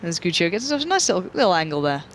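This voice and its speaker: A man doing play-by-play commentary on an esports match, lively and quick to joke with his co-hosts. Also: high-pitched, slight background noise. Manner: lively, jokey banter. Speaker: esports caster.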